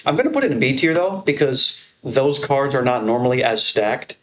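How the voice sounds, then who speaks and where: A young American man rambles through a tier list in a loose, excitable way, swearing freely as he goes. His voice sits at an ordinary middle pitch and jumps higher when he gets worked up. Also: moderate pace. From American Northeast. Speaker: MMA content creator. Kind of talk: casual tier-list commentary.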